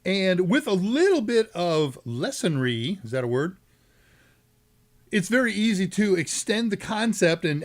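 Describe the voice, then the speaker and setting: Man, Texan accent, fairly high pitch, rambling jokey live-stream chat, desk mic. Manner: rambling and jokey, with asides and self-corrections. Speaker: host of a live tech Q&A stream.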